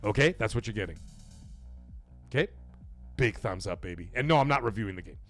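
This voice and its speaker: A man from Canada hosting a casual livestream podcast, reading viewer messages aloud. He rambles, swears freely, and his energy swings between high and low. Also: lively intonation, fairly quick, a bit bright, soft background music.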